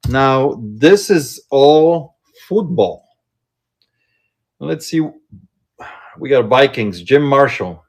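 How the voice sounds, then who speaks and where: A man hosting a casual live-stream sale from inside a shop, chatting and thinking aloud in an unhurried way. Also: mid-range voice, expressive. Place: indoors in a card shop.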